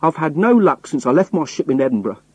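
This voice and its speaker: A man's voice: on the high side, very animated, quick pace, darkish tone, breathy edge, no room sound, dull audio, pitched above the performer's own voice. A man voicing a hunted, pleading sailor. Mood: pleading, angry. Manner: pleading, agitated protesting. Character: hunted young man faking a rough sailor.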